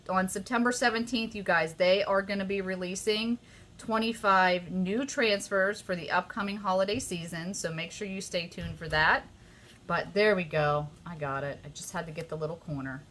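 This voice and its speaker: A woman hosting a casual live craft tutorial, chatty and easily excited, often gushing over her work. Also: medium pitch.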